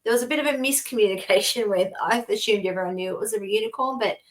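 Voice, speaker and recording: An Australian woman in middle age co-hosts a relaxed podcast. She tells long personal stories in a meandering, chatty way, often breaking into laughter as she goes. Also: medium pitch, fast talker. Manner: rambling storytelling with frequent laughs. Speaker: co-host. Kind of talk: casual podcast chat.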